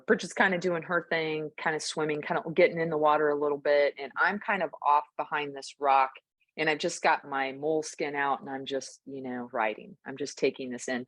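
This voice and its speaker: Woman, podcast co-host, low voice, dry close sound, reflective storytelling. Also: no echo. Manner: thoughtful storytelling, many fillers. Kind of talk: casual reflective chat.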